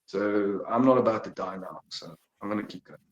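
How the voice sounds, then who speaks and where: Profane fighter, echoey room. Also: male voice, lowish voice, moderate pace, lo-fi sound. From South Africa. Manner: emphatic, profane motivational talk. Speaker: MMA fighter, guest. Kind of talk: casual podcast interview.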